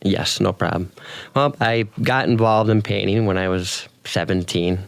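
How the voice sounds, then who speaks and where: A man talking as a guest on a radio show, plain-spoken and relaxed about his painting work. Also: lowish voice, unhurried, vocal fry, clean tone, dry recording. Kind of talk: casual radio interview.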